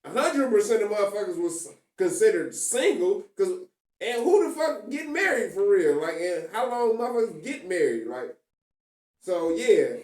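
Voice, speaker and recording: A man's voice: high-pitched, very animated, normal speed, a little mellow, reverberant, recorded from a distance. A man co-hosting a podcast in a basement studio, arguing his point in a heated, profane, casual debate and talking over the others. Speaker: podcast co-host.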